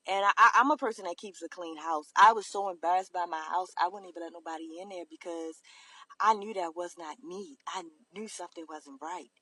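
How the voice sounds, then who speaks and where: A woman telling her own story to camera, earnest and halting, with many fillers and restarts. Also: on the low side, bright, forceful tone. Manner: earnest, emotional confiding. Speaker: vlogger.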